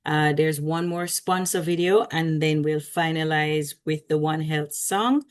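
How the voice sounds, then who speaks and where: A woman's voice: low voice, steady tone, a little slow. A Jamaican woman moderating an online conference, wrapping up with chatty thanks and frequent laughter over a video call. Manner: chatty, warm, laughs often. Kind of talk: casual closing remarks.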